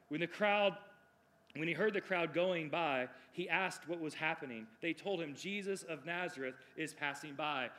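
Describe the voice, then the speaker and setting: Man, high voice, sermon, swings loud to hushed, drawn-out phrases. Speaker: preacher.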